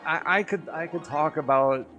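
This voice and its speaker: A man from Wisconsin chats loosely on a live stream from his garage. His voice sits a touch high, and his stories wander with plenty of swearing. Soft music plays faintly underneath. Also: normal speed, lo-fi sound. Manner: rambling, profane nostalgic storytelling. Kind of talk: casual stream chat. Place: home garage with a green screen.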